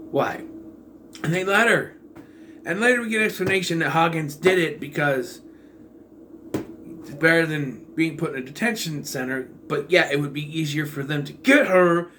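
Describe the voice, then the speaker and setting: A man talks through a film in a loose, rambling monologue, blunt and sarcastic. His voice sits a little high, and a faint noise runs underneath. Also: sharp tone. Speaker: movie reviewer. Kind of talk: casual movie review monologue.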